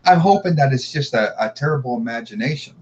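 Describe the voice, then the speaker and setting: A man's voice: mid-range voice, animated, quick pace. Earnest man telling a story, muffled audio. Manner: earnest, repeats himself while telling. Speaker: podcast guest. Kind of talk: storytelling in conversation.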